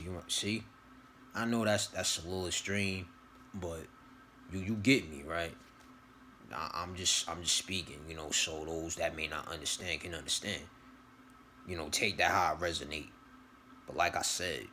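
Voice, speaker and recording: A man with a low voice talks in a loose, rambling motivational monologue, full of slang, swearing and repeated phrases. His tone is bright and forceful despite the deep pitch. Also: a little hiss or hum. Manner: rambling, slang-heavy, profane, repeats himself. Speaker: vlogger giving spiritual advice.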